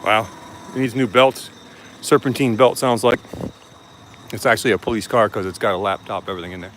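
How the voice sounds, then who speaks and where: A man's voice: on the low side, steady tone, a little fast, slight background noise. A man chatting casually on a live stream outdoors, greeting viewers by name as he walks around a police station, filming with a handheld camera. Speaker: live-streaming first amendment auditor.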